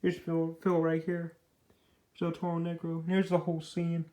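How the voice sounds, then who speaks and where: A young man with a fairly high, mellow voice rambles loosely through a comic book review at a moderate pace, his delivery completely flat. He keeps restarting sentences and leans on filler words, and the room rings with echo.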